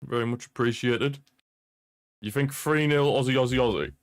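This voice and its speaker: Over a streaming mic, a young guy runs a football watchalong, talking to chat in a rambling way and chuckling a lot. He has a mid-range voice with a steady tone and moderate pace, and the sound is clean, studio quality, with no room sound.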